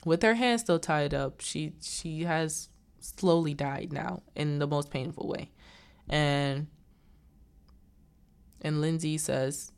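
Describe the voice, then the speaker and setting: A woman's voice: low voice, steady tone, slow pace, creaky, smooth. A young woman casually recapping a film's plot, quoting the characters as she goes. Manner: retells the plot with quoted lines and filler "like". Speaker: movie reviewer.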